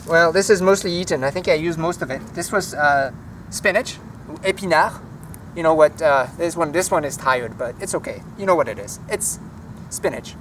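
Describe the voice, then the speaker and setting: A man walking through a home vegetable garden outdoors, naming plants and teaching their French words in a relaxed, chatty way. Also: fairly high pitch, moderate pace, a little hiss or hum. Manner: relaxed, chatty, easily enthused. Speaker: language teacher giving a garden tour.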